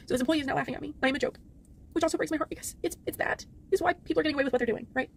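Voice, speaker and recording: A middle-aged woman vlogger telling a story in a rapid, exasperated rant, frazzled and trying to hold it together. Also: high voice, creaky, a little hiss or hum.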